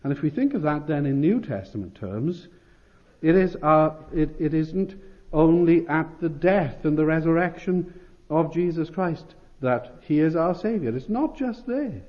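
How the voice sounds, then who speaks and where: A man's voice: fairly high pitch, expressive, a little slow, lo-fi sound. A man preaching an expository sermon, earnest and emphatic, often repeating phrases and restarting lines.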